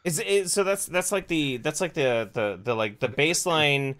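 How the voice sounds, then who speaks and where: A man co-hosting a live-streamed podcast, chatting casually and excitably asking long questions. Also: on the high side, normal speed. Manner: excitable, asks questions at length. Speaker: podcast co-host.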